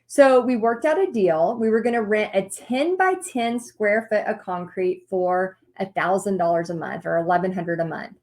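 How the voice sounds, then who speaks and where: A woman telling a personal story to an audience in a lively way, acting out what people said. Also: mid-range voice, moderate pace, few pauses. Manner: animated storytelling with acted-out quotes. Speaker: paint party business teacher.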